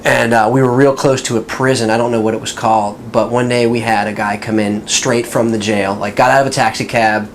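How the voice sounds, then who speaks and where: Middle-aged former tattoo artist, easygoing offhand storyteller, mid pitch. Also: a little fast, hardly any pauses, a little hiss or hum. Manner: relaxed, offhand, profane. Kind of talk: casual storytelling.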